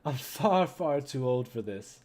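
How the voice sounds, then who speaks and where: A courteous old gentleman who speaks slowly and carefully, as a man reads him aloud. He sounds mannered and calm, at a middling pitch. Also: close to an everyday voice. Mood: polite, measured. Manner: slow, measured, mannered delivery. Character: genteel elderly English gentleman, polite and calm.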